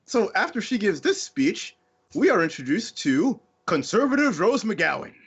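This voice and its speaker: A man co-hosting a casual movie-riff chat, cracking wry jokes in a husky voice. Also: high voice, moderate pace, dull audio. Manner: wry, joking, animated. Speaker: podcast co-host.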